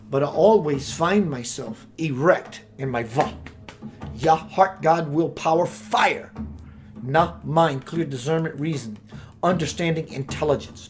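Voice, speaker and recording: Musing man giving a spiritual talk. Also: on the high side. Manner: meandering, musing, searching for words. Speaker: spiritual teacher.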